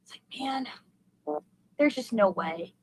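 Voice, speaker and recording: A woman's voice: a little high, lively intonation, slow pace, husky, no room sound, poor audio. A young woman race driver in an emotional post-race interview, gushing and heartfelt, rambling with fillers.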